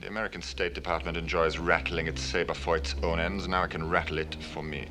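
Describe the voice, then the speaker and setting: An actor playing a cold, calculating terrorist leader in a film scene, suave and clipped. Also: male voice, low-pitched, level tone, fast, background noise. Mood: scheming. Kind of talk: film dialogue. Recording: film audio with long reverb and faint score.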